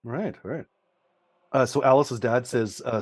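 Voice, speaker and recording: A man's voice: mid-range voice, darkish tone, slight background noise. A man co-hosting a podcast, chatting casually with lots of restarts and reading out listener comments. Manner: halting, many restarts, reads out listener comments, laughs easily. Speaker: podcast co-host. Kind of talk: casual chat.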